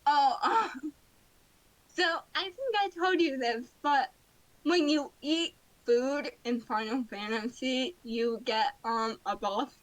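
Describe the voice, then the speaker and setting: A woman streaming and chatting casually, with a playful, whiny streak of mock-crying. Her voice sits high and she takes her time. The sound is dry and close. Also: dry recording, rough recording. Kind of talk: casual stream chat while gaming and drawing.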